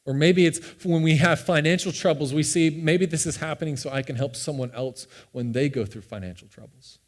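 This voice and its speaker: A young man, a pastor, telling a personal story in a sermon with earnest, animated delivery and frequent restarts. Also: a little high, fairly quick. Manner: earnest and animated, often repeating words as he restarts. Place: church sanctuary.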